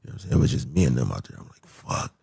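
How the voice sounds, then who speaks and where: A young man casually telling a story, animated and swearing, acting out the voices of the people in it. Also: rumbling low, rapid-fire, vocal fry, slightly rough.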